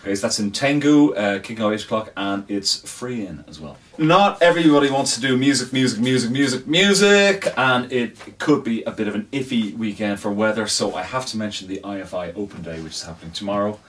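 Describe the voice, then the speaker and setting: A man's voice: on the low side, a little fast, few pauses, distant mic, slight background noise. A man, chatting casually as co-host about weekend events, swearing freely and trailing off with fillers. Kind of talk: casual chat.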